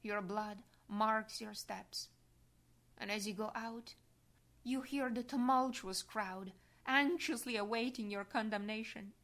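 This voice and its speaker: A woman reading a devotional meditation aloud in a hushed voice that often drops to a whisper. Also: on the high side, a little slow. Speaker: reader.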